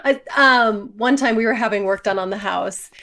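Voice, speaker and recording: A woman co-hosting a podcast, telling wry, self-mocking stories in a relaxed chat. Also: mid-range voice, moderate pace. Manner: laughs often, wry self-mocking anecdotes. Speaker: podcast co-host. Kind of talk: casual storytelling chat.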